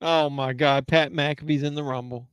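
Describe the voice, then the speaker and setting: A man hosts a live wrestling watch-along in a casual, excitable, heckling way, with a voice that is wearing down. His voice sits fairly high and comes across smooth and clear. The sound is dry and close. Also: dry recording. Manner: excitable, blunt and heckling, with quick asides and swearing. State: losing his voice. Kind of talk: casual live reaction commentary.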